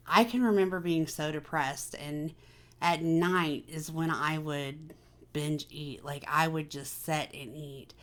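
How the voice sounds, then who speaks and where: A woman hosting a casual personal chat, talking candidly and confidingly with many fillers. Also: low-pitched. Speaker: vlog host.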